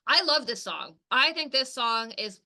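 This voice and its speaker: Bright-sounding woman co-hosting a podcast, rambly and casual, lots of "like". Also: high voice, animated, unhurried. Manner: chatty, many "like" fillers, swears casually. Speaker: podcast co-host. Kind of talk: casual chat.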